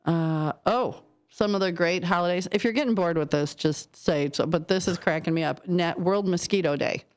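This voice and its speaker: Gabby lady radio host, kinda low voice, laughs a lot, studio mic. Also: darkish tone. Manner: chatty and giggly, quick questions. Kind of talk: casual radio chat. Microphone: studio microphone.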